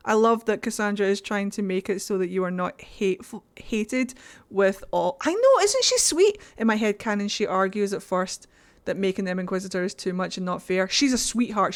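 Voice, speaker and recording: A woman streaming a video game, chatting casually and getting easily distracted. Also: mid-range voice. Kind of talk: casual chat while gaming.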